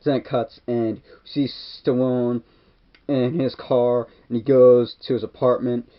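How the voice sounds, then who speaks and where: Man, casual movie recap, rambling, filler-heavy, mid pitch, muffled lo-fi audio. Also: level tone, unhurried. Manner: rambling, full of "like" and "kinda". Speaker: movie reviewer. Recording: dull lo-fi recording.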